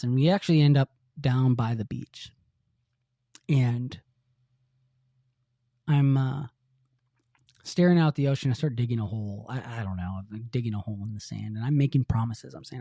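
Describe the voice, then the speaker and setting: A middle-aged man hosting a podcast, telling a personal story in an earnest, halting way with many restarts. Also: medium pitch, vocal fry, dark tone, dry recording. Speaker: podcast host.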